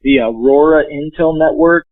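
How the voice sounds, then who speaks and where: A man talking as a podcast guest in casual chat, joking and cursing as he tells stories in a lively way. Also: a little high, moderate pace, no echo. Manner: profane, joking, animated storyteller. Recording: tinny dry phone line.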